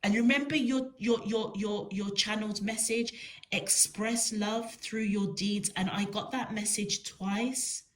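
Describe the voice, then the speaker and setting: Slow, emphatic woman tarot reader. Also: medium pitch, steady tone. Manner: slow, emphatic, repeats words for stress. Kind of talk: spiritual tarot reading to camera.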